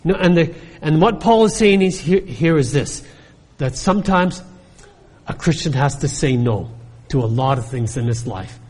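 A man's voice: fairly high pitch, expressive, moderate pace, darkish tone, breathy edge. A pastor preaching a sermon, emphatic, who keeps asking his congregation for an amen. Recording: long reverb of a large hall.

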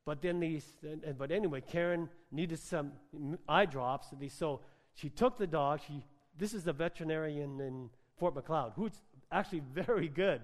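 A man preaching a sermon in a conversational, animated storytelling way, full of filler words. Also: fairly high pitch, normal speed, hardly any pauses. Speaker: pastor. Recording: long hall reverb.

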